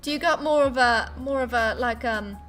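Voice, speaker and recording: Chatty American streamer woman, higher voice. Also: moderate pace, fairly bright tone. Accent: American Midwestern. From Ohio, USA. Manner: chatty, playful, swears casually, squeals at pets. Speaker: Twitch streamer. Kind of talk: casual stream chat reading viewer questions.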